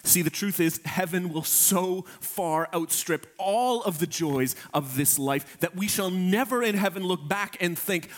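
A man preaching a sermon as pastor, earnest and emphatic, slowing down on key phrases and addressing his congregation directly. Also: sits high.

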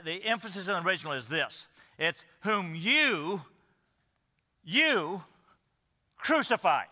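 A man preaches from the pulpit, his voice high and bright, almost piercing. He leans on words with deliberate pauses. The sound rings out through a reverberant church hall. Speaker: pastor. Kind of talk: sermon. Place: church sanctuary.

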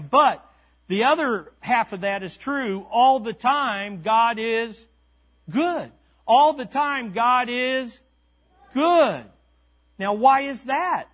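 Male pastor, unhurried delivery, repeats key lines for the congregation. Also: high-pitched, a bit bright. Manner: calls to the congregation. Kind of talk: sermon.

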